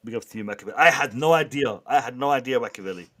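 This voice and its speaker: A man hosting a casual live stream, bantering with the chat in a lively way and often restarting his sentences. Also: mid-range voice, rapid-fire. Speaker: livestream host.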